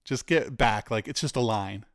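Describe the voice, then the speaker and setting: A man's voice: mid-range voice, moderate pace, dry recording, clean studio sound. A man, likely in his forties, telling a candid personal story in a conversational way with asides. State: cancer patient.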